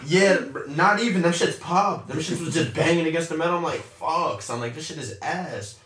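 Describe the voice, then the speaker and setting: A young man talks casually and curses freely, spinning an animated, slangy story with his friends. His voice sits mid-range. It comes through a roomy space, a little off the mic. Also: fairly high pitch, normal speed. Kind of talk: casual chat. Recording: roomy echo, a bit far from the mic.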